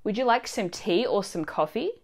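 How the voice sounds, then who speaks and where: A woman narrating a scripted language lesson in a clear, expressive teaching manner. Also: mid-range voice, moderate pace. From Australia.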